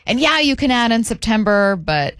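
A woman's voice: fairly high pitch, very animated, normal speed, a bit bright, clean tone, no room sound. A woman co-hosting a casual sports talk show, giving firm opinions and often restarting her sentences. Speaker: co-host.

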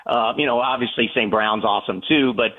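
A man talking football as a guest on a sports radio show, excitable and rambling, often repeating words as he goes. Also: mid-range voice, fairly quick, narrow, tinny audio. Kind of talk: casual sports radio talk.

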